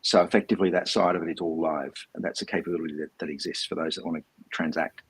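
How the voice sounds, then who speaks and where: A man chatting casually on a live stream, halting with lots of ums and uhs. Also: low voice, fairly even intonation, breathy edge. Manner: hesitant, many ums and uhs.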